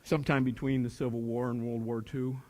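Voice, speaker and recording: A man's voice: medium pitch, little pitch movement, brisk, a little mellow, big-room sound. An older man giving a speech to a young audience about leadership. He talks in an emphatic, joking manner and keeps repeating his key phrases like a preacher. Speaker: motivational speaker.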